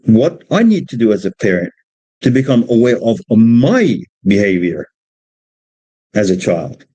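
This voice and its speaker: A man from Australia, a father, speaking informally about raising children, halting and repeating words as he tells stories about his young son. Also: lowish voice, big pitch swings, mellow, slightly rough, no room sound, poor audio. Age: adult parent of a two-year-old. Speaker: speaker giving a religious exposition on parenting. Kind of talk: informal talk with personal stories.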